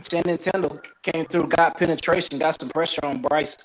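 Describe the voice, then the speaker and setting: A man co-hosting a watch party, calmly breaking down football plays in casual chat. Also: fairly high pitch, moderate pace. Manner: laid-back, explains plays. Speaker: co-host. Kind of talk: casual game analysis. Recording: dull lo-fi audio.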